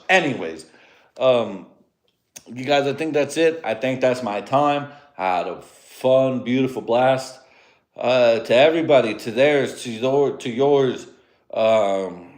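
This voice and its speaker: A man who grew up speaking Spanish, hosting a rambling, profane solo comedy podcast from his home garage. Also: mid-range voice. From United States. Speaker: podcast host.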